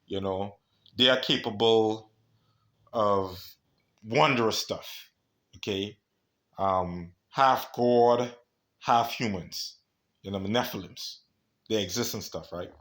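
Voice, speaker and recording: A man's voice: lowish voice, takes it slowly, long pauses, fairly bright tone. A man from the United States talking in a rambling, conspiratorial monologue, constantly checking in with the listener. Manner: rambling, conspiratorial, peppers talk with "you know what I mean".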